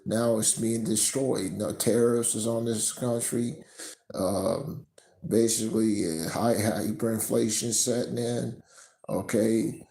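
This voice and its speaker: A man teaching from scripture, tagging nearly every sentence with "okay?" and reading the verses slower and louder. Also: on the low side, steady tone, creaky, rough recording. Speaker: preacher.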